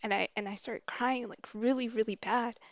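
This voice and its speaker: A young woman streamer telling a personal story, candid and halting, with many restarts. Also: a little high, fairly even intonation, no room sound, highs cut off.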